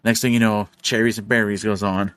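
A man hosting a podcast, telling a story in casual chat, animated and profane, acting out the voices of the people in it. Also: on the low side, fairly quick, clean tone, no echo, studio quality. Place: studio.

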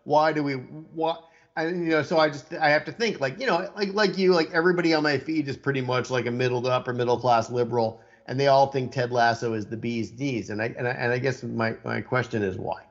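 A man living in Texas gives blunt, opinionated takes in casual talk and often restarts his sentences. His voice sits at an ordinary pitch. The sound is dull and lo-fi. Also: brisk. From Texas, USA. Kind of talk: casual chat about television.

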